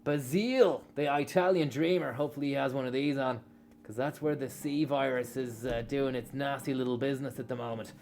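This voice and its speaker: A man's voice: mid-range voice, fairly even intonation, brisk, darkish tone. A man giving a crude, swearing, mock-serious comic rant while playing a racing game, full of over-the-top bravado. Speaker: comedic gaming commentator.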